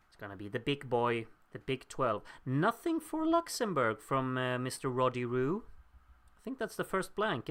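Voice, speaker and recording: A man's voice: medium pitch, a bit bright. A young man hosting a live watchalong stream, chatting casually, reading out viewer votes and laughing at his own slip-ups. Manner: chatty and upbeat, laughs at himself, thinks aloud.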